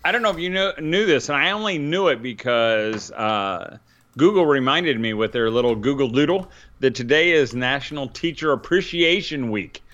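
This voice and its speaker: A man's voice: mid-range voice, expressive, moderate pace, a bit bright. A tired middle-aged man co-hosting a podcast in casual chat, rambling with lots of fillers. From northern Indiana. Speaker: podcast co-host, father. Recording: dull lo-fi sound.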